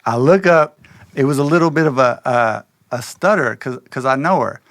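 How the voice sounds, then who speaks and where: A man telling a personal story in loose, slangy, animated casual talk, slipping into quoted voices. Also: medium pitch, normal speed.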